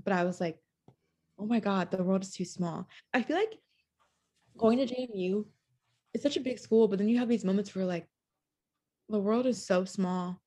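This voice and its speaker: A woman in her twenties co-hosting a podcast, telling stories in a chatty, animated way with lots of "like". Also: mid-range voice. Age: 20s. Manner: chatty, animated storytelling with frequent "like". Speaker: podcast co-host. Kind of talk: casual chat.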